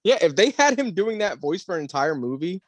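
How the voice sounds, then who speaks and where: A man co-hosting a pop-culture podcast in casual chat, talking in an animated way and laughing easily. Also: sits high, a little fast, dry recording. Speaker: podcast co-host.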